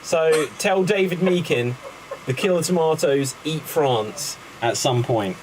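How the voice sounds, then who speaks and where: A man's voice: on the high side, a little slow, a little mellow, slight background noise, rough recording. A man hosting a live improv comedy show, chatty and upbeat as he introduces the games. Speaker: host.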